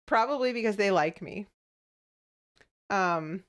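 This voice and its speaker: A woman's voice: medium pitch, expressive, takes it slowly, a bit bright, clear, resonant tone. A woman streamer telling jokes to her chat in a giggly, rambling way, stopping and restarting often. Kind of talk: casual joke-telling to a live chat.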